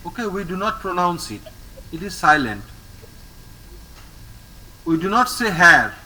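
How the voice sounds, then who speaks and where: Man, French teacher, slow and patient, high lively voice. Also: poor audio. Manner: patient, repeats words slowly and praises often. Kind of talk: online language lesson with a student.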